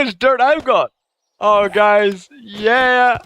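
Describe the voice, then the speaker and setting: A young man giving casual live commentary while he plays a game, excitable and laughing often as he chats to viewers. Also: mid-range voice, measured pace, pauses often. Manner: excitable, giggly, chatting to viewers. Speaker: gaming streamer.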